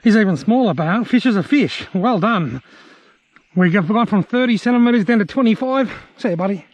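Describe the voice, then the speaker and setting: A man's voice: high voice, animated, brisk, dry recording, highs cut off. An Australian man vlogging his fishing trip, telling jokes and commenting casually to camera outdoors by a river. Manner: joking, chatty, tells gags between bites.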